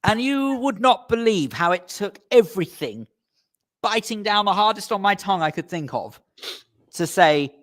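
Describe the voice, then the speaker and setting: Man, radio studio chat, animated anecdote, fairly high voice, very lively pitch. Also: normal speed. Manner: animated storyteller, voices quoted lines.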